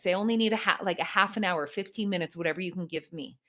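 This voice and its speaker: Middle-aged Canadian woman, keynote speaker; slightly low voice, polished broadcaster polish with lively storytelling emphasis. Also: fast talker, hardly any pauses. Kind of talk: motivational keynote speech.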